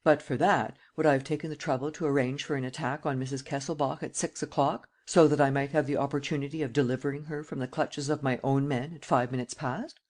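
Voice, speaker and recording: A male narrator voicing a cool, cynical gentleman thief who speaks calmly and mockingly. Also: mid-range voice, quick pace, hardly any pauses, close to an everyday voice. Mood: sardonic. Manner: calm, sardonic.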